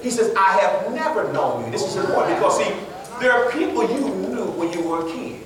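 A pastor giving an animated sermon, laughing and acting out quotes with emphasis. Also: male voice, very high-pitched, a little fast, a crowd in the background. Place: church hall. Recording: roomy church sound from a distance with congregation. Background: congregation responding.

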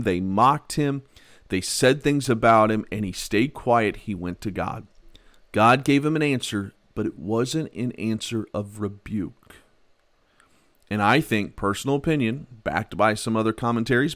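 A man preaching a sermon, animated, swinging from loud outbursts to quiet, low passages. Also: dry recording, clean studio sound. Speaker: pastor.

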